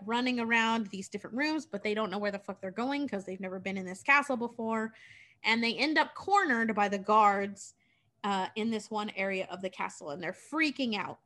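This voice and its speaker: A woman's voice: mid-range voice, pushed and bright. A woman casually retelling a story, chatty and profane, with lots of "like.". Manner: chatty, profane, filler-heavy.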